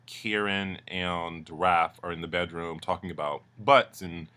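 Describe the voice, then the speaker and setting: A man's voice: low voice, fairly even intonation, measured pace, sharp tone, clear, resonant tone. A man casually recapping a reality show, chatty and gossipy, swearing freely. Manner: chatty, gossipy, lots of fillers.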